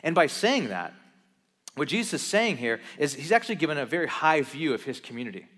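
A man's voice: a little high, sing-song, fairly quick, fairly bright tone, big-room sound. A man preaching a sermon in a church, conversational and emphatic, often restarting and repeating words. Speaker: pastor. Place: church in Los Angeles.

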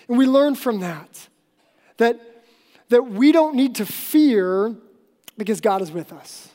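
A woman pastor preaches to her congregation, her voice sitting a little high. She explains things earnestly and slows right down on the key points. Her words carry a long reverb, as if they fill a large church hall. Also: dark tone. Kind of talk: sermon.

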